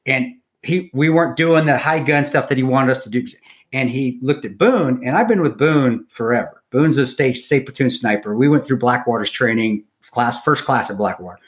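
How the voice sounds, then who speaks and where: A man's voice: medium pitch, moderate pace. A middle-aged man telling a war story in a blunt, profane, casual way, often restarting his sentences.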